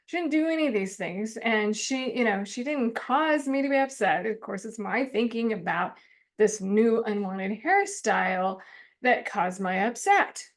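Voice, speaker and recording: A woman's voice: a little high, lively intonation, unhurried. A middle-aged woman counselor teaching a self-help method in a chatty, informal way, often laughing and acting out her own complaints.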